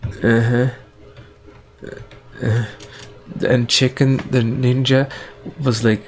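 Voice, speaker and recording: A man improvising a story as he goes, in a rambling, hesitant way. He often restarts and fills pauses, at a mid pitch. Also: flat delivery.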